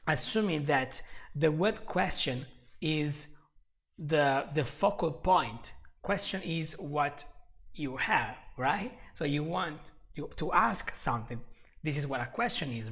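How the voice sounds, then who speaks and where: Male English teacher, a gravelly edge and an easy, drawn-out pace, running a live lesson. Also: on the high side, fairly bright tone. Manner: repeats himself for emphasis, frequent "right?". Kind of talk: live online lesson with chat questions.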